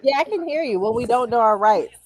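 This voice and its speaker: A woman's voice: fairly high pitch, lively intonation, brisk, poor audio. Outspoken woman show host. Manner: outspoken, opinionated, joking. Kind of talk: casual talk show chat.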